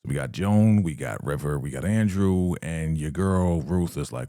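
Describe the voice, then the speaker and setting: A man recapping a TV episode in a casual, animated storytelling way. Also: very deep voice, a little slow, hardly any pauses, dry recording, clean studio sound. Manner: animated storytelling, acts out the quotes. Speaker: TV recap vlogger.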